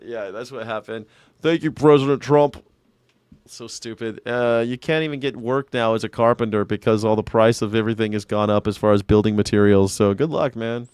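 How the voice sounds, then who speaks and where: A man's voice: lowish voice, steady tone, fairly quick, few pauses, a little mellow, clear, resonant tone, no echo. A man doing casual livestream commentary, rambling and profane as he answers viewers by name. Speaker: independent news and culture commentator. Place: home in Southern California.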